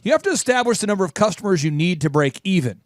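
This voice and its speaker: A man hosting a business talk show, with a bright, high-pitched voice. He keeps up an energetic, playful manner and pushes the talk along with leading questions. The sound is dry and close, with no room echo. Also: quick pace. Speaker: host.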